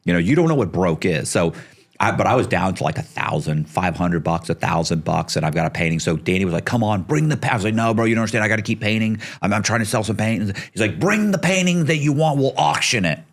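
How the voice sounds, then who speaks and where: A man's voice: deep voice, fast, creaky. A middle-aged man telling a story as a podcast guest, acting out the people he quotes and swearing casually.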